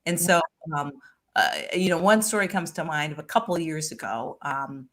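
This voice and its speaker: A woman guest telling a personal story in a conversation, lively and full of restarts. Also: deep voice, moderate pace. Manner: animated anecdote with frequent restarts.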